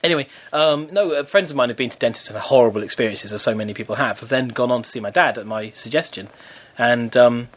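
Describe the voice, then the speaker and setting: A man talking at a brisk clip as a podcast co-host. He is playful and self-mocking, and he keeps his stories rolling in relaxed banter. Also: mid-range voice. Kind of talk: casual chat.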